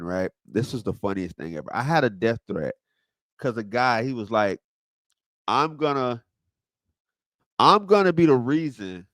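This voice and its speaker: A man from Southwest Florida, USA, chats casually on a livestream, animatedly telling stories and reacting to viewers' comments. The recording is studio quality with no echo, and his voice sits at a medium pitch.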